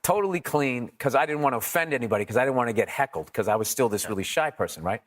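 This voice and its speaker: A man, a comedian guest in an interview, telling profane, animated stories and acting out quotes. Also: mid-range voice, quick pace. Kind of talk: storytelling interview.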